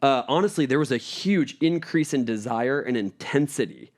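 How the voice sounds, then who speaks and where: A man's voice: medium pitch, lively intonation, normal speed. Candid pastor talking with his wife. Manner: candid, storytelling, reflective. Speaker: pastor, podcast co-host. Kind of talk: casual conversation with his wife.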